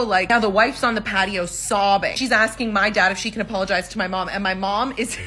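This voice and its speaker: A young woman tells a juicy story at a rapid clip, her voice bright and forward. She talks in a casual, animated, gossipy way and swears freely. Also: mid-range voice.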